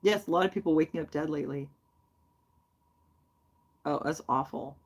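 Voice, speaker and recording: A woman's voice: deep voice, moderate pace, breathy edge. A woman hosting a casual livestream, chatty and rambling as she answers her viewers. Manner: chatty and rambling, many fillers. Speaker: host.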